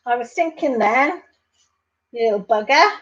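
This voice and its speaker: On a home live stream, a Welsh woman vlogger chats casually with viewers, calling them by name and rambling along in a warm, talkative way. Her voice sits on the high side and is expressive, at a normal speed, with lo-fi sound.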